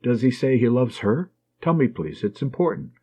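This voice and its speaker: A teasing, fond young nurse, voiced by a male audiobook reader, her husky tone lifting and dipping in lively swings. The recording sounds dull and lo-fi. She speaks warmly and playfully. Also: mid-range voice, normal speed. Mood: tender. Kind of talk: audiobook reading.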